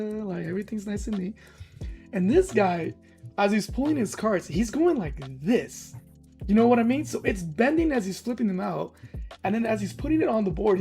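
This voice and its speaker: A man's voice: sits high, creaky. A man hosting a casual livestream chat, telling stories with acted-out quotes of other people. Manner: animated storyteller who acts out other people. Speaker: stream host.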